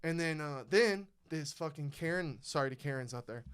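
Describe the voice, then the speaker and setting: A young man tells a story on his podcast in loose, swearing chat and slips into the voices of the people he quotes. His voice sits a little high and sounds smooth and clear. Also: lively intonation, normal speed. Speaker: podcast host.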